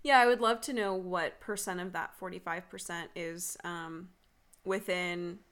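A woman's voice: on the low side, fairly even intonation, unhurried, a bit bright. A young adult woman from the Southern United States, co-hosting a podcast in a frank, joking casual chat, laughing often. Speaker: podcast co-host.

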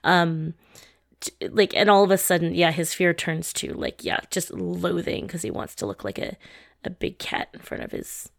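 A woman co-hosting a casual film chat, adding halting asides and agreement. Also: lowish voice, very animated, gravelly, no room sound, studio quality. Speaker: podcast co-host.

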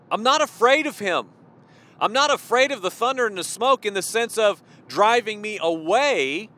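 A man preaching a sermon, swinging between soft pleading and loud, impassioned declaration. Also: high-pitched.

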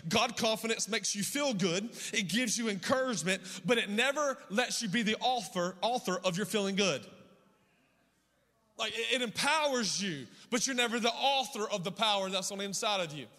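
Man preaching, hoarse worn voice, high and bright, rhythmic call-outs, long hall reverb. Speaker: pastor. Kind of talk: sermon.

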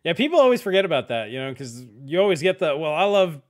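A middle-aged man hosting a casual tech podcast, laid-back and often trailing off quietly at the ends of sentences. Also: fairly high pitch, sing-song, fast talker. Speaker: podcast host.

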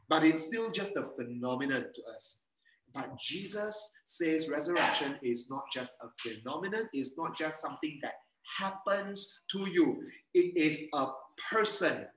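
Male preacher, earnest, repetitive emphasis, bright tone, roomy sound a little off-mic. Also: fairly high pitch. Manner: earnest, repeats phrases for emphasis. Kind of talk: sermon over video call. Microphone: video call. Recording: echoey room, a bit far from mic.

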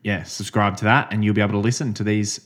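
A man's voice: on the low side, level tone, fast talker. A young man co-hosting a podcast in casual chat, joking, swearing freely and laughing often. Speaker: podcast co-host.

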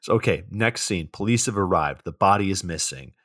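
A man with a low voice retells a movie plot for a podcast, tossing in sarcastic asides and quick impressions of the characters. The sound is dry and close, with no room echo. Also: lively intonation, a bit bright. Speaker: podcast co-host. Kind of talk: casual movie recap.

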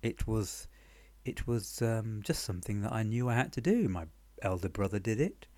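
Deadpan low-voiced man. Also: normal speed, no room sound. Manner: dry, deadpan, understated. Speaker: storyteller. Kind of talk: comic monologue storytelling. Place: home apartment.

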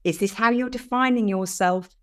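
An older woman, a podcast guest explaining things earnestly with lively emphasis in casual conversation. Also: medium pitch, moderate pace.

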